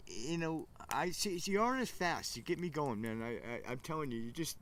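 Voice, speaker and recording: A man's voice: a little high, expressive, moderate pace, few pauses, fairly bright tone. A man hosting a casual fireside livestream outdoors, rambling enthusiastically and talking to viewers in the chat. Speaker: livestream host. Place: outdoors by a campfire.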